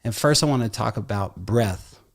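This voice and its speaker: A man's voice: lowish voice, normal speed, creaky. A man co-hosting a yoga podcast introduces a topic and puts questions to the host in a casual, chatty way. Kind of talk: live podcast talk, presenting and interviewing.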